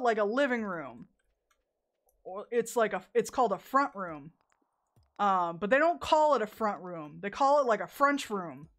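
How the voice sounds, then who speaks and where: A young woman from the Southern United States chats casually with her stream chat as she plays a game, laughing often and swearing freely. Her voice is fairly high in pitch and fairly bright.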